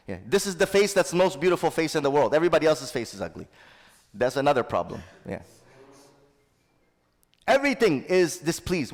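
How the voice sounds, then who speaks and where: A man giving a sermon as an Islamic teacher. He recites Arabic and translates it line by line, and he calls his listeners brothers and sisters. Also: a little high. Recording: long hall reverb.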